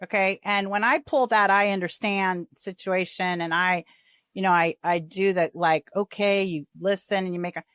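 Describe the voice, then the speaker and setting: A woman hosting a podcast in casual, chatty conversation, animated and quick to act out quoted voices. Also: mid-range voice, clear, resonant tone, no room sound, clean studio sound. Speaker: podcast host. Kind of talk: casual chat.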